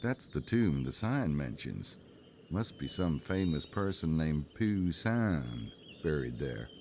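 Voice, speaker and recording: An actor playing a wry male detective in a video game, with a deep drawling put-on Southern accent. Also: very animated, slow, a little mellow, slight background noise, full character voice. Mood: dry. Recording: game audio with faint background ambience.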